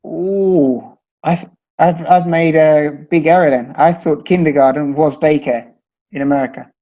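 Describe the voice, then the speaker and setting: A man's voice: a little high, fairly even intonation, measured pace, mellow. A man with a British accent, chatting and telling anecdotes as a teacher in a webinar discussion. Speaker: English teacher. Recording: dull lo-fi sound.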